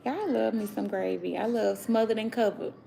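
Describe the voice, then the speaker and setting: A woman in her thirties records a chatty kitchen vlog about feeding her kids, calling her viewers "y'all." Her voice is medium-pitched, moderately paced, creaky and dark. The low-quality recording carries a little hiss or hum, with children talking nearby.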